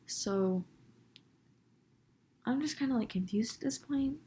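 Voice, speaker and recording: A woman's voice: a little high, takes it slowly, slight background noise. A young woman vlogger, animatedly retelling a run-in with a neighbor in a casual storytime video. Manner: animated, dramatic retelling with quoted dialogue. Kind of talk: storytime vlog.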